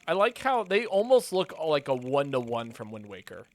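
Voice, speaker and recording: A young man giving casual, rambling commentary over a video game stream. His voice is lively and mid-pitched, with faint game music playing behind him. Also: normal speed, few pauses. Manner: rambling and chatty, with many fillers.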